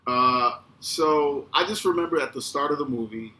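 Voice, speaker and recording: A man in his thirties hosting a podcast, telling a casual, animated, profane story. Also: on the high side, moderate pace. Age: 30s. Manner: animated, profane, acts out quotes. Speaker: podcast host. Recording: echoey room with faint ambient noise.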